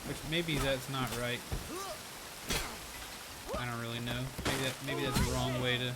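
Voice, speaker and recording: This man's medium-pitched voice is level and a little slow as he plays a game on a live stream, game music in the background. He muses and rambles casually, hedging often and slipping in dry sarcasm.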